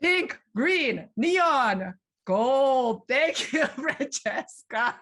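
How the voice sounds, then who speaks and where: Her voice sits high and she draws out her words while guiding a live virtual museum tour on a video call. Animated, she poses questions to the audience and reads their responses aloud.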